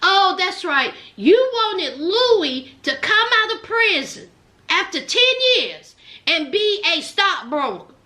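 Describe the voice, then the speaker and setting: Sassy woman w/ aave, real high bright voice, dishing on a reality show, swoops up and down a lot. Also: slow. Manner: sassy, animated, addresses people on the show directly. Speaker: reality show recap commentator. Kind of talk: casual commentary recap.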